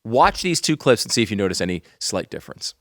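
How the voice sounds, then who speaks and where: A man's voice: fairly low pitch, big pitch swings, fast talker, fairly bright tone, no echo, studio quality. A man hosting a podcast in casual comedic chat, laughing often and restarting his sentences. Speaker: podcast host.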